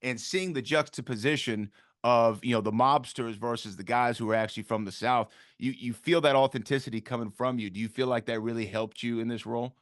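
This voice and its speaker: A man's voice: mid-range voice, fairly even intonation, fairly quick, dry recording, clean studio sound. A man from the American South interviewing an actor, asking long questions that lay out his own theories. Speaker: interviewer host.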